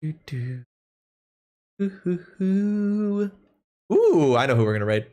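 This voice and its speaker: A man's voice: high-pitched, very animated, slow pace, a little mellow. A man streaming a video game live, joking around and talking to his chat between gameplay. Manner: playful, jokey, talks to chat. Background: game music.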